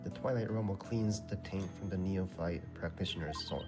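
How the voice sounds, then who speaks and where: A haughty young royal priestess girl, voiced plainly by a man reading the game's text. The voice sits low and level, with video game music playing clearly behind it. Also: moderate pace, close to an everyday voice. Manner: reads game text in a flat voice.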